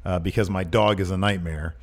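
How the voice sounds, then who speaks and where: A man's voice: sits low, brisk. A man co-hosting a podcast, chatting casually in a rambling, jokey way. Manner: rambling, animated, jokey asides. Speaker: podcast co-host.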